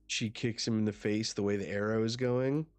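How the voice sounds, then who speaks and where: A man reacting live to a new comic chapter, casual, excitable and swearing. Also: on the low side, moderate pace, dry recording, faint music behind. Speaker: manga reaction streamer.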